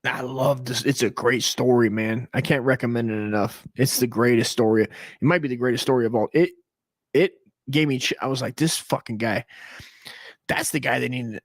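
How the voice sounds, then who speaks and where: A man's voice: medium pitch, moderate pace, no echo, studio quality. A man in his forties doing a crude, rambling comedic monologue, trailing off and restarting as he goes. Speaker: comedy podcast host.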